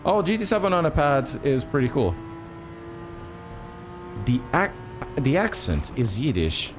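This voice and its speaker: A man's voice: mid-range voice, huge pitch swings, measured pace, music in the background. A man from Portugal with a Portuguese accent, chatting with his live-stream viewers as he plays a racing game and swearing freely. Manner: chatty, swears often, talks to chat. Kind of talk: live-stream commentary while gaming.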